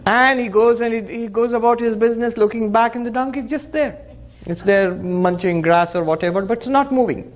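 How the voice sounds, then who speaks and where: A man's voice: very high-pitched, a little fast, lo-fi sound. A monk giving a spiritual discourse, telling stories animatedly and chuckling as he teaches. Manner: animated storyteller who laughs and chuckles.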